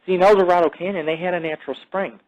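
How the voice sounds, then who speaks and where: A man's voice: high-pitched, steady tone, muffled recording. A man hosting his own show in a rambling, casual monologue. He swears freely, wanders off topic and restarts his sentences. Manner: profane, digressive, self-mythologizing; halting restarts and repeated fillers. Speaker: podcast host.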